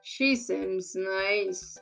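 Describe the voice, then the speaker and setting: Slow, giggly young woman streamer. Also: medium pitch, gravelly, fairly bright tone, far from the mic, soft background music, low-quality recording. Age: young adult. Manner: giggly, wry. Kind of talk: casual chat, reading a game aloud.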